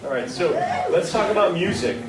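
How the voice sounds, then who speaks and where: A man moderating a live fan event, briskly steering the talk. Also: high voice, animated, loud music behind the voice. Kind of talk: casual live hosting. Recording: roomy, distant mic.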